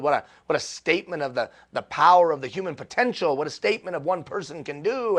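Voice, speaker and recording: A male motivational speaker giving a live keynote talk, animated and self-deprecating, repeating phrases for emphasis. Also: fairly high pitch, fast talker, few pauses. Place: stage before a live audience.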